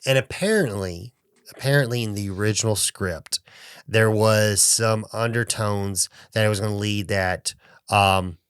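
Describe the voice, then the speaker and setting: A man's voice: lowish voice, measured pace, fairly bright tone, smooth, no echo, studio quality. A young man co-hosting a podcast, recapping a horror film in casual chat with lots of fillers and restarts. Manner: rambling, many fillers and restarts. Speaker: podcast co-host.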